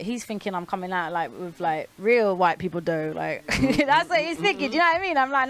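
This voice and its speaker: A young woman from North London with a London accent, chatting candidly as a radio guest, animated and swearing freely. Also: medium pitch, brisk, hardly any pauses. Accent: London English. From North London, England. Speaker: guest performer. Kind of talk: casual interview chat.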